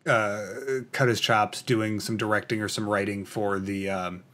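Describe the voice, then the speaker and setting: Rambling Canadian man, low voice. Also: level tone, unhurried, pushed and bright. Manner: rambling, filler-heavy, enthusiastic fan talk. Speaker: podcast host. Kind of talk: casual chat, reading viewer comments.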